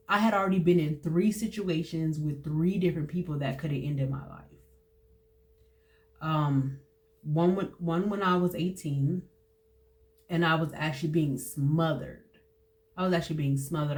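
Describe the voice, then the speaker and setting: A young adult woman hosting her own show, telling her personal story in a halting, emotional way with many fillers and restarts. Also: sits low. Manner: emotional, voice dropping at times. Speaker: host sharing personal testimony. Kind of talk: personal testimony monologue.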